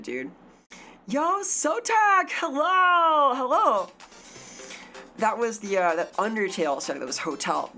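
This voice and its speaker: A young adult woman streams live, chatting casually with viewers and turning excitable and sweary when she thanks them. Her voice is low, with faint music in the background.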